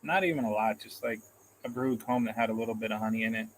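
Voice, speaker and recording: A man's voice: fairly low pitch, fast, slight background noise, rough recording. A man hosting a casual live stream, reading out comments in a rambling, self-deprecating way and chuckling often, into a phone camera. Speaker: livestream host.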